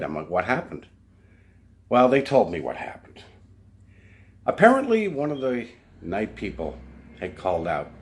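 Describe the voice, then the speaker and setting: A man in the food industry telling a work story in a casual monologue, acting out other people's lines. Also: deep voice.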